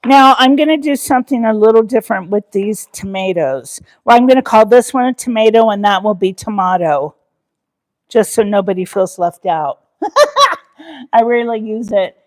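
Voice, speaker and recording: A woman hosting a casual cooking livestream, chatty and rambling, quick to laugh. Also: medium pitch, a little mellow.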